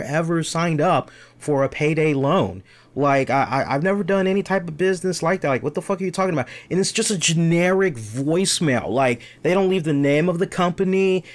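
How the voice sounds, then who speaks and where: A man hosting a live-streamed talk show, telling an exasperated story full of quoted back-and-forth dialogue. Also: fairly high pitch. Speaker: show host. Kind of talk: casual storytelling rant to a live stream chat.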